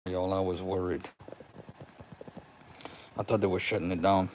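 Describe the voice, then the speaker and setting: Guy livestreaming from home, lowish voice, chatty and pumped, greets folks by name, faint hum behind. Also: measured pace. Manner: excited, talks to viewers by name, relieved. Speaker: livestream host. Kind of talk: casual livestream chat. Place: home room with TV.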